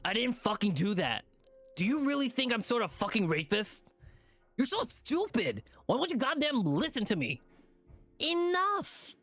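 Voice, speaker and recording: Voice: medium pitch, moderate pace, natural voice. A streamer voicing an angry, defensive young man in a visual novel with a put-on Spanish accent, swearing and snapping. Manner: swearing, shouting. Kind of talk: visual novel read-aloud.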